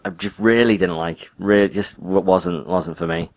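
On a podcast he co-hosts, a man with a deep voice rambles through casual chat at a normal speed, laughing a lot and restarting his sentences often.

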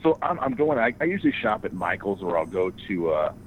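A man telling a crude story in casual podcast chat, animated and swearing freely. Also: low voice, a little fast, a little hiss or hum, low-quality recording.

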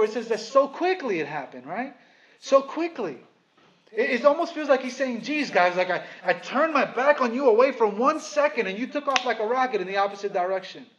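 A man's voice: high-pitched, muffled recording. A man preaching a conversational sermon, emphatic and playful, often asking his listeners questions. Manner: playful, dry humor. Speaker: pastor.

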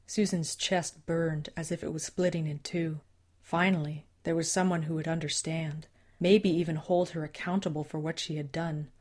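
A woman narrating an audiobook in a measured, even way. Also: low-pitched. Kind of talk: scripted narration.

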